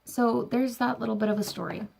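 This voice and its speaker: Young woman vlogger, earnest and encouraging, gravelly fry in her voice, soft music underneath. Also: fairly high pitch, steady tone, fairly quick. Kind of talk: heartfelt personal talk to camera.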